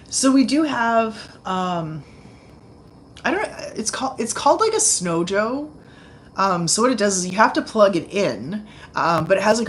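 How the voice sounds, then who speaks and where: A woman's voice: fairly low pitch, a little hiss or hum. A woman hosting a casual livestream from her home, rambling chattily with lots of fillers. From Canada. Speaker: channel host. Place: home, indoors.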